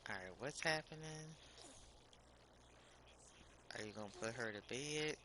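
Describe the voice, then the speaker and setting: A woman's voice: rumbling low, a little fast, fairly bright tone, slight background noise, poor audio. A woman streaming herself playing a life-sim game, chatting casually and scolding the characters in an exasperated, chatty way. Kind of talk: casual gameplay commentary.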